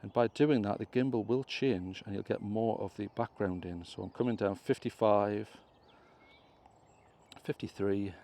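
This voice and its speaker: Man, warm mellow tone, chatty step-by-step drone tutorial outdoors. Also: on the low side, measured pace. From England. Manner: chatty step-by-step explaining, self-correcting. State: clearing his throat, slight cough. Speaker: drone vlogger. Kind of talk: casual tutorial commentary. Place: outdoors on a hill.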